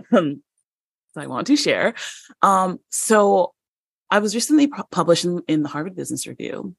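A woman guest on a podcast, a published writer, telling a story in a lively way and acting out the dialogue with small laughs. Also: deep voice, creaky, no echo. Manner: animated, acts out dialogue in stories, frequent restarts and light laughs.

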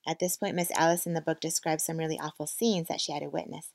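A woman's voice: low-pitched, flat delivery, quick pace, creaky, few pauses, darkish tone, no echo. A woman hosting a podcast, narrating a book and reading passages aloud in a heartfelt way. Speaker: podcast host.

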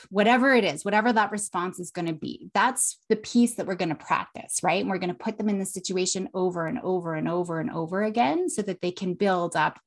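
A woman's voice: on the low side, a little fast, few pauses. A woman hosting an educational podcast, teaching parents emotion skills and acting out children's lines, often asking "right?". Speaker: podcast host and child therapist.

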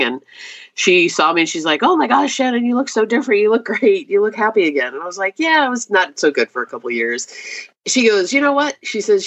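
A woman talks about her craft in a loose, chatty way. She jumps up high in pitch whenever she acts out what people said. The audio is a little dull and lo-fi. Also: a bit bright. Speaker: glass artist guest. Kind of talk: casual interview storytelling.

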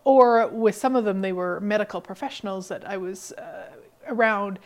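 A woman hosting a podcast, giving an energetic, emphatic motivational talk. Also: medium pitch, moderate pace. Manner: energetic, emphatic, laughs often. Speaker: podcast host.

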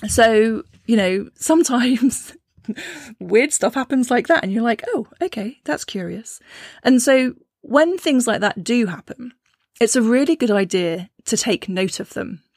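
A woman's voice: on the high side, lively intonation, unhurried, darkish tone, dry recording, clean studio sound. A woman hosting a podcast, talking about spiritual experiences in a rambling, chatty way with lots of fillers and little laughs. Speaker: podcast host. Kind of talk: casual spiritual talk.

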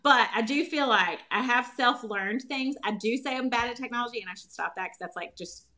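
Fast-talking bright Southern woman. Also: fairly high pitch. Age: 40s. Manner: chatty, animated, laughs often. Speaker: guest, holistic nutritionist. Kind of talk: casual podcast chat.

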